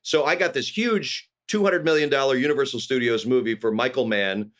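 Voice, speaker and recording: A man's voice: medium pitch, fairly quick. Middle-aged guy from california, actor on a podcast, acts out quotes in his stories. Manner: animated anecdotes with voiced quotes. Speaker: actor guest. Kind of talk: storytelling interview.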